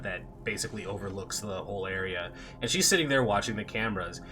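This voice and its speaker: A man in a relaxed chat among friends, his voice bright and forward in tone. He talks in a curt, clipped way that sounds sarcastic even when it isn't meant to. There's a barking, drill-sergeant edge to it, and he laughs often between lines as he tells his story. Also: medium pitch. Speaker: airport security officer telling a work story. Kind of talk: casual chat among players.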